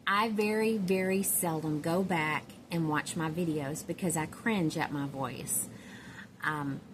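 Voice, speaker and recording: A woman's voice: low voice, unhurried, slight background noise. A middle-aged woman with a Southern US accent, chatting casually to camera in a rambling, giggly way with lots of fillers. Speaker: doll collector vlogger.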